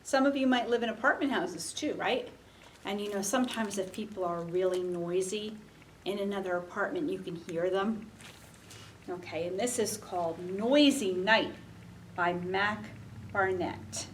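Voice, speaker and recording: A woman's voice: medium pitch, a little slow, far from the mic, slight background noise, low-quality recording. A woman librarian giving a storytime reading for children, sing-song and stopping to ask the little listeners questions. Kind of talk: storytime read-aloud for children.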